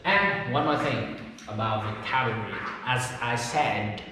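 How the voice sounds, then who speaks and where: A man with a Vietnamese accent teaching English pronunciation, speaking slowly and carefully and repeating words as drills. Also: medium pitch, heavy reverb, in a large hall, distant mic, a crowd in the background, poor audio. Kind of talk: pronunciation lesson talk.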